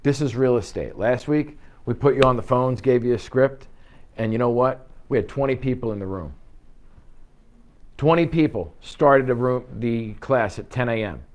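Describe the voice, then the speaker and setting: A man's voice: mid-range voice, normal speed, a little mellow. A man training a class of real estate agents in an office, talking in punchy bursts, throwing out rhetorical questions and checking in with "okay?". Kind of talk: live training talk to a class.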